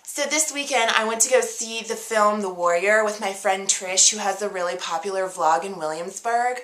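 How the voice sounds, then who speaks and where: A woman's voice: mid-range voice, normal speed, fairly bright tone, reverberant, close to an everyday voice. A woman playing a theatrical self-important actress. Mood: indignant rant. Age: young adult. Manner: projecting, over-enunciated, dramatic ranting. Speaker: comic video diarist. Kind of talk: scripted comedy character monologue.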